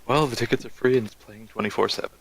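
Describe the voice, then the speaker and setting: Low gravelly man, dry role-play. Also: fairly even intonation, fast talker, a bit bright, rough recording. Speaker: player. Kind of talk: in-character tabletop role-play.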